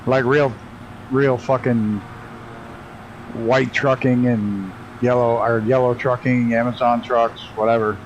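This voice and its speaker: A man chatting loosely over a live stream as he flies, cursing often and cracking up at himself. His voice sits at an everyday middle pitch, with a faint hum running behind him. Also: little pitch movement, takes it slowly, highs cut off. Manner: profane, laughs at himself, talks to chat while flying. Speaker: flight sim streamer. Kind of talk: casual live-stream commentary.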